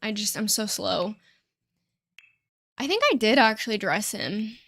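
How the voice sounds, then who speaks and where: A woman's voice: mid-range voice, lively intonation, unhurried, gravelly, fairly bright tone, no echo, studio quality. A young woman streaming a life-sim game, chatting casually and rambling with frequent laughs and casual swearing. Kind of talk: casual livestream chat while playing a life-sim game.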